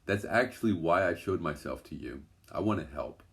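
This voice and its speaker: A man's voice: sits low, expressive, moderate pace, a bit bright. A man voicing a sheepish hurricane spirit. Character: friendly apologetic hurricane spirit.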